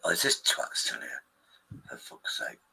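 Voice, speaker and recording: A man's voice: measured pace, pushed and bright, low-quality recording. A man hosting a live stream, rambling in casual chat with his viewers, swearing freely and restarting his sentences often.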